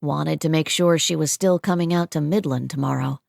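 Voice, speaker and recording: A woman narrates a romance novel in a steady, measured way. Her voice sits on the low side. She is recorded close on a studio mic, with a dry sound. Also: creaky, no room sound. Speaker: audiobook narrator. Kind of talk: scripted audiobook narration.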